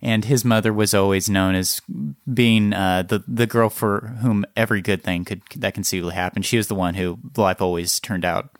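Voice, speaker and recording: Male co-host from Oklahoma, low and sardonic, dry close-miked sound. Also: steady tone, moderate pace, no echo. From Oklahoma, USA. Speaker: podcast co-host. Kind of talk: casual film discussion.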